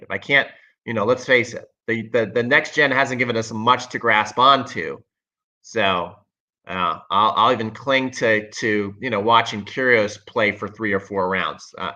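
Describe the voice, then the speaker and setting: A man coaching-host chatting casually on a livestream, reading out viewer comments. His voice is bright and forceful, mid-pitched, and he hammers his opinions home by repeating lines. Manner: emphatic, opinionated, repeats himself.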